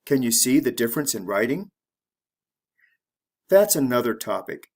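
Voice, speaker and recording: A man narrating a scripted English lesson, reading example sentences slowly and deliberately for learners to repeat. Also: mid-range voice, sing-song. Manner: measured, deliberate, careful pronunciation drills. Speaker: English teacher.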